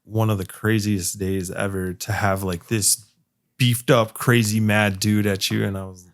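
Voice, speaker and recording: A man's voice: lowish voice, flat delivery, unhurried. A man, a podcast host, telling a rowdy work story in casual, profane chat.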